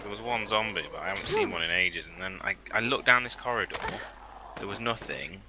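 A man's voice: lowish voice, brisk, creaky, background noise. A man playing a co-op zombie game with friends, swearing freely and telling stories in casual chat. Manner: swears freely, tells stories with a lively rise and fall. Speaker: gamer. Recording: voice chat over loud game sounds.

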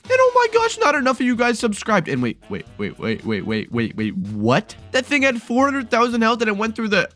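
A young man giving excited, exclamatory commentary over a video game, often repeating himself in bursts. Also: high-pitched, faint music behind. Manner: hyper, exclamatory, repeats phrases rapidly. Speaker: gaming YouTuber.

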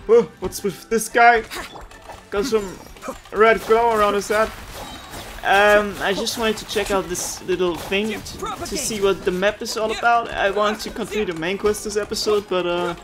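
A woman's voice: mid-range voice, fairly even intonation, moderate pace, over music. A woman commenting casually while playing a video game, wondering aloud and chatting. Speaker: gaming youtuber. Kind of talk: casual let's-play commentary.

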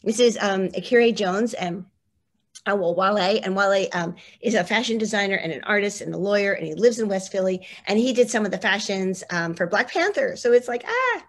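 A woman's voice: mid-range voice, lively intonation, a little fast. A woman leading a mural arts program, giving an enthusiastic slide presentation full of "like" and emphatic asides. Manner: effusive, lots of "like", emphatic. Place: online talk.

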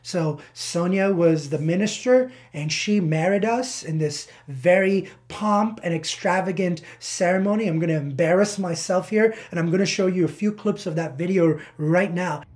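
A man in his thirties preaching a sermon as a pastor, animated, slowing down to stress key words. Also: high voice. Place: church.

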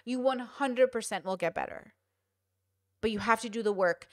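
A woman's voice: on the high side, moderate pace, no echo, clean studio sound. A young adult woman hosting a podcast, giving casual advice in an emphatic way and repeating points for stress. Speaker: podcast host.

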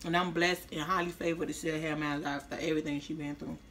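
Bright-voiced woman, slangy mukbang chat. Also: deep voice, flat delivery, quick pace, a little hiss or hum. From Tampa, Florida, US. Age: 30s. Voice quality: slightly slurred speech after orthodontist visit. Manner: slangy, chatty, talking while eating. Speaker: vlogger. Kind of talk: casual mukbang vlog chat.

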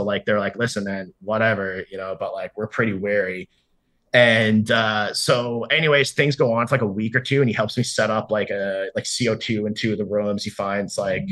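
A man of about forty with a lowish, slightly bright voice tells a story as an interview guest. He is loose and casual, swears freely, says "like" constantly, and acts out what people said.

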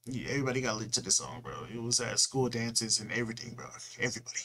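A young man from California rambling through a casual reaction commentary. His voice sits at an ordinary mid pitch, and his talk is loose and slangy, full of swearing and restarts. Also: animated, fast, bright, forceful tone. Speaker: reaction video host.

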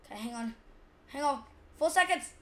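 A woman with an Australian accent and a high voice talks through her gameplay in a loose, chatty commentary. She rambles and drifts off topic easily. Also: animated, normal speed. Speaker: gaming channel host.

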